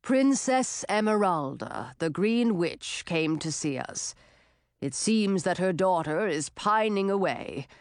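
Woman doing a deep, slow old dragon king. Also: expressive, no echo, clean studio sound. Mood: solemn. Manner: slow, solemn, low voice. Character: old male ice dragon king, grave, measured. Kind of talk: audiobook character reading.

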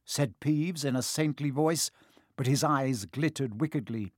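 An audiobook narrator telling a story in an animated, expressive way. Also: unhurried, dry recording, clean studio sound. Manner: animated storytelling, varied pitch. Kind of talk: scripted narration.

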